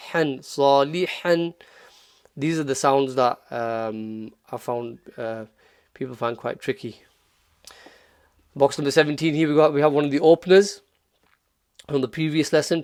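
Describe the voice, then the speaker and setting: Guy doing a recitation lesson, smooth clear voice, repeats each sound slow, super dry mic. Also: mid-range voice, steady tone, dry recording. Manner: patient, repeats sounds slowly to demonstrate. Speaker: Quran recitation teacher. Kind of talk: relaxed tutorial, modelling Arabic phrases slowly.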